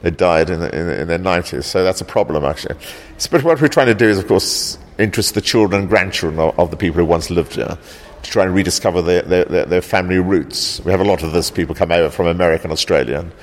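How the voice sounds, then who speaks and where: A man born in South Africa, founder of a local heritage group, answering interview questions in a halting way, repeating words and often ending with "actually". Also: low voice.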